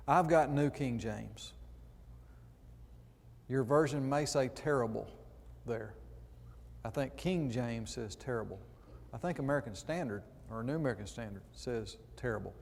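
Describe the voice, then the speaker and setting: A man's voice: mid-range voice, moderate pace, creaky, long pauses. A man preaching a sermon in a church, reading scripture and adding conversational asides. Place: church auditorium. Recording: long reverb in a church hall.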